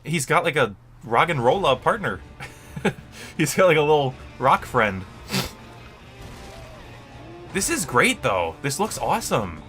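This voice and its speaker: A man streaming a live reaction, excitable and emotional, swinging from muttered guesses to shrieking and crying with joy. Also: a little high, slow pace, long pauses, faint music behind.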